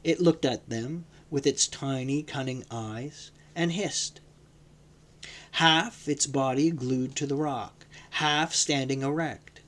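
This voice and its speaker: A man reading a novel aloud in a measured, dramatic narration. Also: mid-range voice, a bit bright. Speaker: audiobook reader. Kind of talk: scripted narration.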